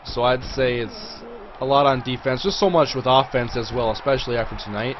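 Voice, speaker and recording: A man hosting a livestream, chatting casually through live gameplay commentary and reacting loudly to big plays. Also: medium pitch, a little fast, highs cut off, noisy background. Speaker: livestream host.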